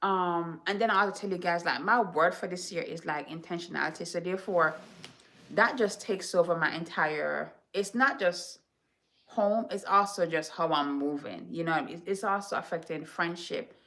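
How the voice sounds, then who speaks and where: A woman from Jamaica, a home decor vlogger, telling stories to her viewers in an animated, chatty, dramatic way. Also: fairly low pitch, moderate pace. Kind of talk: casual storytelling to viewers.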